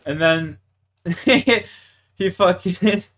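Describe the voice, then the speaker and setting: A man's voice: high-pitched, extremely slow. A man from Canada, chatting casually and cursing while streaming a game and telling stories. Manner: profane, excitable storytelling with laughs. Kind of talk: casual chat while gaming.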